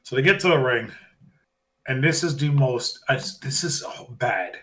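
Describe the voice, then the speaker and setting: Guy on a podcast retelling a show, mid pitch, does little voices for quotes. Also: normal speed. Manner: animated retelling, acting out quotes. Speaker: podcast co-host. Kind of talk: casual wrestling recap chat.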